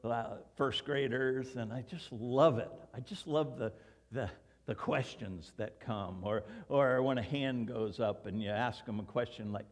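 An older man, a grandfather, preaching a sermon in a church and telling stories with lively quoted voices. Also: fairly high pitch, measured pace, big-room sound. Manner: storytelling, animated, acts out quoted voices. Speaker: pastor. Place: church sanctuary.

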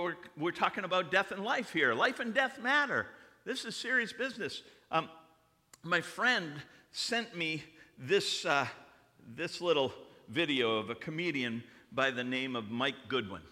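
A man's voice: on the high side, pushed and bright, in a large hall. A man preaching a sermon as lead pastor, conversational and joking, with frequent restarts.

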